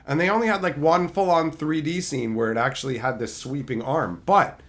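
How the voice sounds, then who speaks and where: A man's voice: fairly high pitch, moderate pace, fairly bright tone. Profane ranting male streamer. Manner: profane, ranting, sarcastic, reads chat aloud. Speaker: streamer reviewing and chatting. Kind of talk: casual livestream rant.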